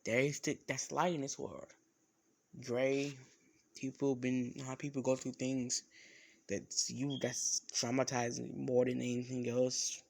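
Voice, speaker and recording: A man improvising a fan story as narrator, rambling and halting with casual swearing. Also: mid-range voice, flat delivery, creaky, darkish tone.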